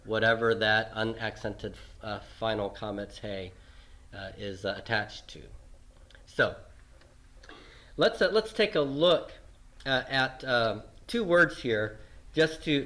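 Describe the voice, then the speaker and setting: Slow, bright-voiced male lecturer. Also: mid-range voice. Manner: patient and repetitive, checking in with "okay?"; lots of fillers and restarts, slowing on key terms. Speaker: teacher. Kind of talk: recorded classroom lecture.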